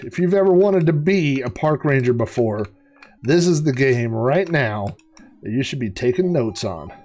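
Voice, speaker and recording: A man's voice: mid-range voice, a little mellow. A man giving casual gameplay commentary, rambling and chatty, with many fillers and laughs at his own jokes. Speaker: let's play host.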